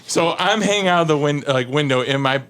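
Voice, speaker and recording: A man's voice: fairly high pitch, brisk, a bit bright, clear, resonant tone. A man with a Chicago-area American accent, a firefighter guest telling a story in a casual chat, laughing often and filling his talk with fillers and acted-out quotes.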